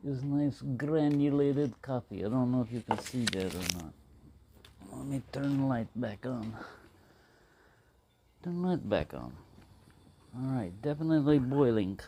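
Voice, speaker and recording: Male vlogger, gravelly mid-range voice, loose self-talk with goofy asides. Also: mid-range voice, moderate pace, dark tone, slight background noise. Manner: rambling, talks to himself and answers in silly voices. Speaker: outdoor cooking vlogger. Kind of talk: casual talk to camera while cooking.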